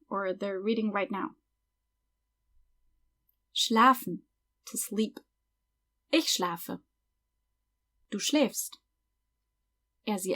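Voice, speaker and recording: A woman teaches a beginner language lesson. She explains patiently and clearly in an even middle voice, slowing down to say each example. Her tone stays steady and encouraging throughout. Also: mid-range voice. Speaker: German teacher.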